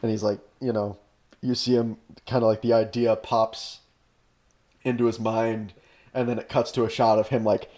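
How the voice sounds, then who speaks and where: A man riffing on a podcast, talking in loose, rambling chat that is packed with "like" and quick restarts. He laughs often and keeps building on his own ideas. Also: fairly low pitch, level tone, darkish tone. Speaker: podcast co-host. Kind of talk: casual chat.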